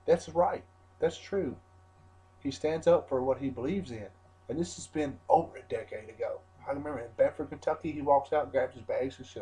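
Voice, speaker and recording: A man's voice: on the high side, brisk, warm tone, rough recording. Profane, rambling man ranting defiantly. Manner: rambling, heavy swearing, defiant. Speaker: wrestler. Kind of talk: profane interview rant.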